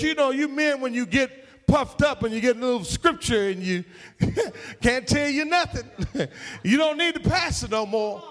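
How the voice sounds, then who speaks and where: A man's voice: very high-pitched, fairly bright tone. A man preaching a sermon in an emphatic, call-and-response way, with folksy slang.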